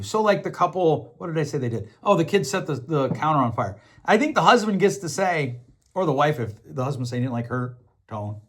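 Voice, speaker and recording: A man's voice: fairly high pitch, very animated, brisk, fairly bright tone. A middle-aged man hosting a podcast, talking earnestly through relationship advice in a reflective monologue, often restarting and repeating himself. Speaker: podcast host.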